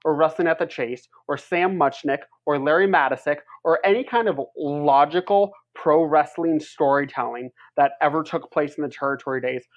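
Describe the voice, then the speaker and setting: A man's voice: on the high side, normal speed, few pauses, lo-fi sound. A man co-hosting a wrestling podcast in a casual chat, ranting heatedly and swearing as he talks.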